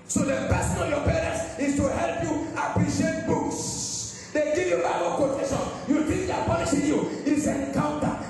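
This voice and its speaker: A man's voice: extremely high pitch, big pitch swings, normal speed. A man, a pastor preaching an emphatic sermon with call-and-response and sing-song rises. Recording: echoey hall from far off with faint music.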